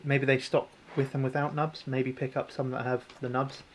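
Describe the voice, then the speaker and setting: A man's voice: mid-range voice, level tone, moderate pace. Man in a casual tinker-and-chat livestream, rambling and self-mocking, mid-range voice, faint noise behind. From New Zealand. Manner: rambling, chatty, self-deprecating, answers chat. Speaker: airsoft tech livestream host. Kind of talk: casual livestream chat while working on a gun.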